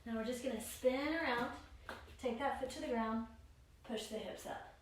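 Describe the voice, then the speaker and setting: High-voiced woman guiding yoga, echoey room. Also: moderate pace, a little hiss or hum. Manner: steady spoken cues for each pose and breath. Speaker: yoga instructor. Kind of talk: guided yoga class instruction. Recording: very echoey room, voice far from mic.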